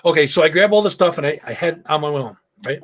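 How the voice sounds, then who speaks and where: A man's voice: on the high side, fast talker. A middle-aged man hosting a live show, telling a loose, rambling story with lots of swearing and fillers. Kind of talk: casual live-stream chat.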